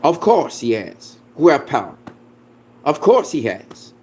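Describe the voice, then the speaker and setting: A man's voice: a little high, very animated, unhurried, darkish tone, slightly rough. A man ranting about boxing in a reaction video, profane, combative and dismissive, repeating himself and laughing mockingly. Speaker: boxing commentator.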